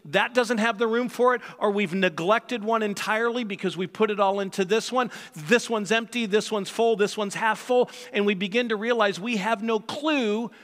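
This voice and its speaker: Pastor guy preaching, high bright voice, big echoey hall, faint music behind. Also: moderate pace, hardly any pauses. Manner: conversational, sarcastic asides, acts out voices. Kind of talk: sermon.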